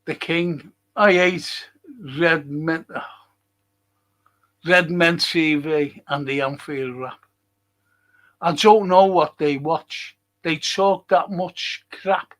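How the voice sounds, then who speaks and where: A man's voice: fairly high pitch, extremely slow, a bit bright, low-quality recording. A man hosting a casual livestream chat, reading out viewer comments and ranting bluntly with plenty of swearing. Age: older.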